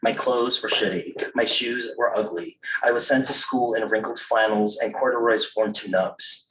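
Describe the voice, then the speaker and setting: A man reading his own memoir aloud at a live literary event, measured and wry, with self-amused asides. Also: lowish voice, steady tone, bright, forceful tone. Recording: roomy, distant mic at a live reading.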